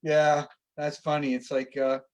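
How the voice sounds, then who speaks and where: A man talks as a guest, chatty and animated as he spins stories and laughs along with the host. His voice sits a little higher than most men's. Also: measured pace. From Canada. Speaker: guest psychic medium. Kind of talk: casual chat.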